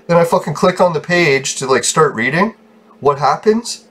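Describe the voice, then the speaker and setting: A man's voice: fairly high pitch, moderate pace, fairly bright tone, slightly rough. A young man giving profane, frustrated commentary over his gameplay, breaking into laughs. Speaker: game video creator.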